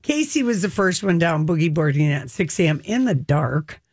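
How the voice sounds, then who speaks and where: Animated woman telling a story, dry sound. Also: normal speed, husky, dry recording. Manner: animated storyteller, exaggerated pitch jumps. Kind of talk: casual chat, storytelling.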